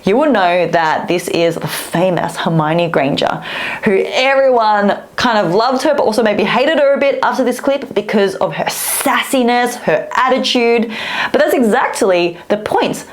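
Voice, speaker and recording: A speaking coach in her thirties teaches to camera with a very lively, wide-ranging voice. She swoops high and low to demonstrate her points. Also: measured pace. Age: 30s.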